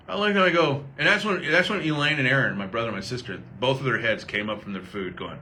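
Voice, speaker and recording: Middle-aged man, host, from Texas, bright voice, animated storytelling, acts out voices, faint hiss. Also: a little high, quick pace. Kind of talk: casual storytelling chat.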